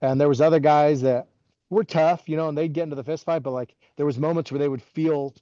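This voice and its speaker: A man in his forties talks as a podcast guest, his voice mellow and relaxed as he rambles through stories with constant "like" and restarts. The recording is dry and a little dull, as if through modest gear. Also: on the high side, fast talker, no echo. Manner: rambling, heavy use of "like" and restarts. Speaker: podcast guest, former wrestling coach. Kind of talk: casual interview storytelling.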